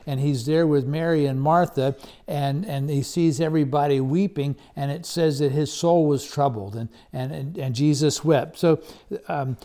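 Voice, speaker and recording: A male pastor preaching a sermon in an earnest manner, often repeating words and pausing on fillers. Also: a little high, dark tone.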